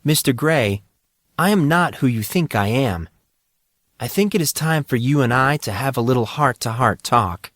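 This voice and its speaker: A man voicing a calm, knowing older man who speaks in a measured, deliberate way. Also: medium pitch, dry recording, studio quality. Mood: solemn.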